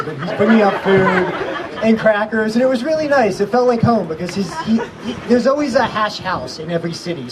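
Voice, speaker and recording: High voiced guy giving a fond tribute, far off mic, crowd noise. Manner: fond, reminiscing. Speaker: speaker at a memorial. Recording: distant mic in a noisy crowd.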